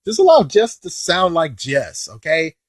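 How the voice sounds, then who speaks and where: Excitable rambling man, dry close mic. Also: on the high side, unhurried, breathy edge, no echo. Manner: rambling, excitable, with mild swearing and frequent "it's like". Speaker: video reviewer. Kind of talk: casual rambling commentary.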